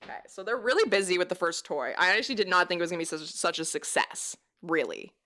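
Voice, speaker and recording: A woman's voice: on the low side, animated, fast talker, sharp tone. Giggly, bubbly woman streamer. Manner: giggly, bubbly, swears freely, reacts to chat. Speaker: livestreamer. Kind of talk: casual livestream chat.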